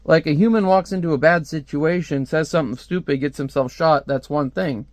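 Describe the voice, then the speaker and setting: A man's voice: fairly high pitch, a little fast, a little mellow, dry recording. A man casually reviewing a comic book, talking in a rambling, chatty way with lots of fillers.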